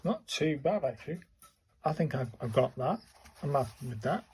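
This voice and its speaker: A man's voice: mid-range voice, lively intonation, moderate pace, a little mellow, husky, poor audio. A man casually talking himself through his writing strokes, muttering step by step as he practices. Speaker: calligraphy learner and channel host. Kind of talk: casual narration while practicing.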